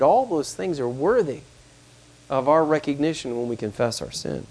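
A male pastor preaching, his voice sitting a touch high for a man. He presses his points with growing emphasis and reads scripture aloud as part of the sermon. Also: big pitch swings, normal speed, darkish tone.

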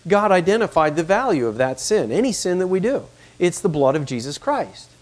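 A male pastor preaching, his voice sitting a touch high for a man. He presses his points with growing emphasis and reads scripture aloud as part of the sermon. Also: sing-song, brisk.

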